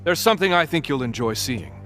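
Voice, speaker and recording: A man voicing a confident, measured adult man in a game cutscene. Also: mid-range voice, big pitch swings, a bit bright, soft background music. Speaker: game character. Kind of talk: video game cutscene acting.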